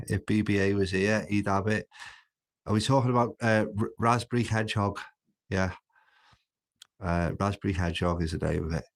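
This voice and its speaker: A man with a Scouse accent hosts a relaxed livestream, reading viewers' comments aloud and chatting back. His voice sits a little low, and he talks in a loose, friendly way with quick laughs and plenty of restarts. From Birkenhead, England. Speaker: livestream host. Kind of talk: casual live chat reading comments.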